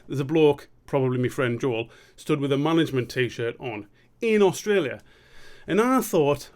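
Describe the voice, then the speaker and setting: Brief: streamer man, mid-pitched, casual, sweary, self-mocking rambling. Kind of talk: casual live-stream chat.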